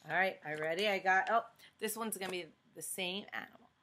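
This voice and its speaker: A young woman with a bright, clear voice reads a picture book to small children. She coaxes them with questions and drops into hushed whispers before each answer. Faint noise sits under the recording. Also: lowish voice, fast talker. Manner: questioning, coaxing children to guess; dramatic hushed whispers for suspense. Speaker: teacher reading a picture book aloud. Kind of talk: read-aloud for young children.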